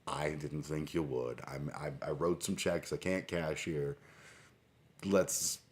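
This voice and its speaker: A man's voice: rumbling low, fairly even intonation, slow pace. A man voicing a petulant, boastful young man in a sarcastic, mock-casual tone. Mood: smug.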